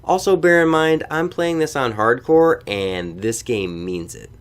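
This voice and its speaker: A man's voice: medium pitch, unhurried. A man giving a comedic, profane game review voice-over. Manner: profane, animated.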